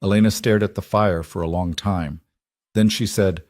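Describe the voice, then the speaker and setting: Male storyteller, lowish voice, measured pacing, dry close recording. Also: fairly even intonation, darkish tone, dry recording. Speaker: narrator. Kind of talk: scripted story narration.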